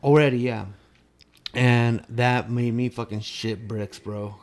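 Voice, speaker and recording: A young man co-hosting a podcast, telling a story in a loose, animated, profanity-laced way with lots of fillers. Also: medium pitch, slow pace. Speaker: podcast co-host. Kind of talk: casual storytelling chat.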